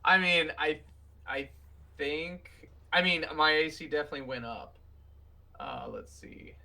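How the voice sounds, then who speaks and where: Man, player, slow, bright tense tone, formal in-character. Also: fairly high pitch, expressive. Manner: formal, speaks in character, often hushed. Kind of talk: in-character tabletop role-play.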